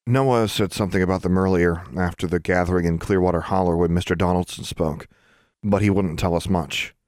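A man narrating a story as an audiobook reader, in an expressive storytelling manner. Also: low voice, a little fast, dry recording, studio quality. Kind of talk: scripted narration.

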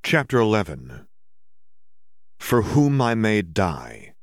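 A man narrating an audiobook in a slow, deliberate reading. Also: lowish voice, sing-song, dry recording, studio quality.

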